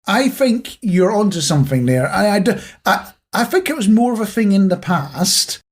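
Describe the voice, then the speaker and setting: A man's voice: high-pitched, sing-song, normal speed. A Scottish man co-hosting a podcast, chatting casually with a playful, mock-conspiratorial manner. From Scotland. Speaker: podcast co-host. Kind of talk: casual chat.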